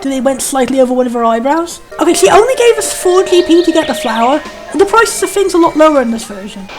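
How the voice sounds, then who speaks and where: Fast-talking woman commenting on a game. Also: sits high. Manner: chatty, comparing versions, swears casually. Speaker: let's play host. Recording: game music behind.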